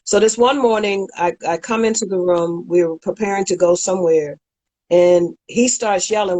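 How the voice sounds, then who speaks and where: Husky woman guest, animated storyteller who acts out quotes. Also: fairly low pitch, moderate pace, rough recording. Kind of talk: casual chat, storytelling.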